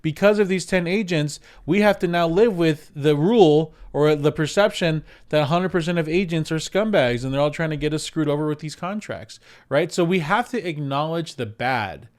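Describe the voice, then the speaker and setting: Smooth-voiced man giving animated advice. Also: fairly high pitch, normal speed. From United States. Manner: animated, repeats words for emphasis, acts out quotes. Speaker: real estate agent. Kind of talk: casual advice talk to camera.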